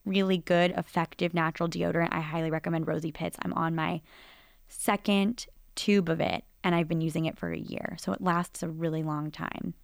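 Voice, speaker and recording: A woman's voice: fairly low pitch, steady tone, brisk, creaky, clear, resonant tone, dry recording, clean studio sound. A young woman co-hosting a podcast, chatting with her friend in an enthusiastic, casual way. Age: young adult. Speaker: podcast co-host.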